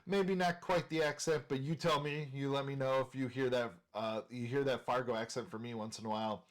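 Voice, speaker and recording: A man's voice: medium pitch, fairly even intonation, a little fast. Enthusiastic man from Minnesota. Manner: enthusiastic, frequent "uh" fillers. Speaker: movie channel host. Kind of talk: casual movie-ranking talk.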